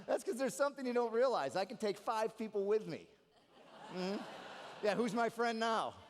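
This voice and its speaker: A man's voice: high-pitched, moderate pace. A young man performing stand-up comedy on a live stage, telling jokey stories with lots of asides. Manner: animated, jokey storytelling with asides. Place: live stage in a large hall. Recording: live hall with reverb.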